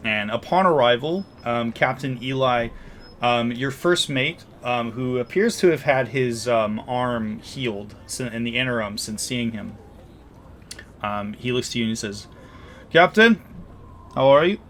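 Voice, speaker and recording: A man narrating a tabletop game as game master, with frequent pauses and fillers. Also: medium pitch, a bit bright, slight background noise. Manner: hesitant, filler-heavy narration.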